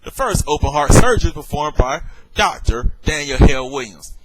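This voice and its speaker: A man's voice: on the high side, lively intonation, fairly quick, noisy background. Worked-up man lecturing a viewer. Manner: lecturing, exasperated, addresses viewer directly. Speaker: vlogger. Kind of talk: heated video rebuttal.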